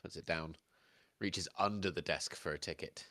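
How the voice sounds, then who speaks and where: A man narrating a live tabletop game as game master in a steady, descriptive way. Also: deep voice, normal speed, no room sound, studio quality.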